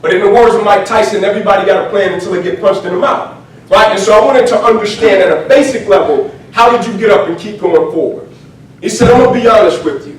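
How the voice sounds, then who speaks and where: Man telling a story from far off, echoey. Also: fast talker. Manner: rhythmic, repeats "right?" and "he said"; drops to a soft low voice for quoted lines. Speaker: motivational speaker. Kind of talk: storytelling speech. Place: event venue. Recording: echoey, from far off with faint ambience.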